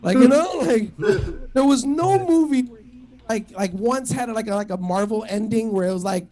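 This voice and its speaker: A man with a fairly high voice works through a stand-up set. He rambles, swears freely and stumbles over restarts and a steady stream of fillers. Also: moderate pace. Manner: rambling, profane, lots of "like" and restarts. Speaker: stand-up comic. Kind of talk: stand-up set at an online open mic.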